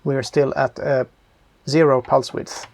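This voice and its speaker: A man calmly explaining his programming step by step, thinking aloud as he works. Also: mid-range voice, a little slow, slight background noise. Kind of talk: screen-recorded coding tutorial.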